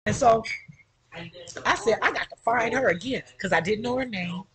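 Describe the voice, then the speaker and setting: A woman's voice: a little high, moderate pace, crowd noise, low-quality recording. A middle-aged woman chatting casually to her camera at home, rambling and tagging nearly every phrase with "okay?". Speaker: vlogger.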